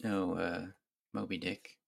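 A man co-hosting a casual podcast, enunciating clearly and carefully. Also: sits low, little pitch movement, takes it slowly. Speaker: podcast co-host.

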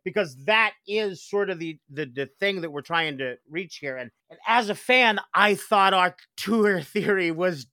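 Bright upbeat male podcast host. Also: high-pitched, animated, unhurried, few pauses, no echo, studio quality. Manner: enthusiastic, chatty, many restarts. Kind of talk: casual podcast chat.

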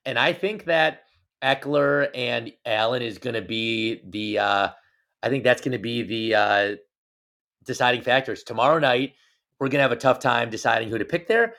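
A man co-hosting a sports podcast, chatting casually and ribbing his partner as he makes his picks. His voice sits at an everyday middle pitch, and his talk is loose, jokey and full of banter. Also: moderate pace. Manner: teasing, jokey, animated banter. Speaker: podcast co-host.

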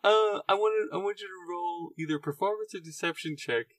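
A man's voice: sits high, fairly bright tone, no echo, distant mic. A man running a tabletop game as game master, laughing often and restarting sentences. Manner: laughing often, restarts mid-sentence, puts on quick character voices.

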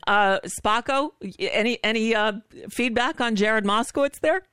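A woman's voice: a little high, a bit bright, clear, resonant tone, no echo, studio quality. Indignant woman talk-radio host. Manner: sarcastic, indignant, quick asides. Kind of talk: political talk radio commentary.

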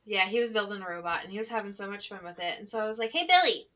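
A woman who works as a special education teacher, telling a story in casual chat, animated and full of "like", laughing as she goes. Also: mid-range voice, racing, slight background noise, low-quality recording.

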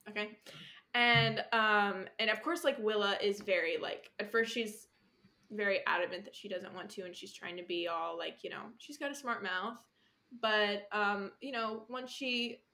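A woman's voice: medium pitch, fairly even intonation, normal speed, sharp tone. A woman co-hosting a chatty podcast, gushing about a book with many "um"s and "like"s and frequent giggles. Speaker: podcast co-host. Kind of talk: casual chat.

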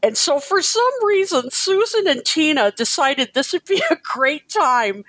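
A woman's voice: high-pitched, sing-song, unhurried, fairly bright tone, no echo, poor audio. An American woman co-hosting a podcast, telling a story casually with lots of fillers and laughter. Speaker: podcast co-host.

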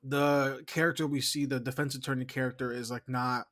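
A man's voice: mid-range voice, level tone, brisk, a bit bright. A man co-hosting a podcast in casual chat, emphatic and profane, rambling through his points. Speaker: podcast co-host.

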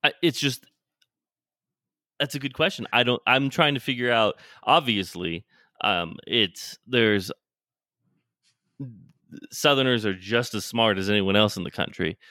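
A man's voice: fairly low pitch, a little slow, pauses often, sharp tone, no room sound, clean studio sound. A man co-hosting a casual podcast chat, hesitant, with many fillers and restarts. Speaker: podcast co-host.

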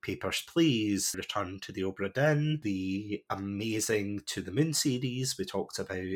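A Scottish man with a slightly husky, lowish voice co-hosts a podcast. He talks in a loose, chatty way, tossing in jokes and frequent laughs. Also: measured pace. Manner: chatty, laughs often, jokey asides. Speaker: podcast co-host. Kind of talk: casual podcast chat.

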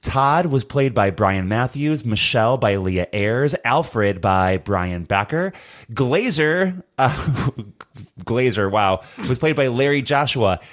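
Man, podcast co-host, casual chat, animated voice, joking asides. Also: mid-range voice, slow pace. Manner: joking, reading out film facts with asides.

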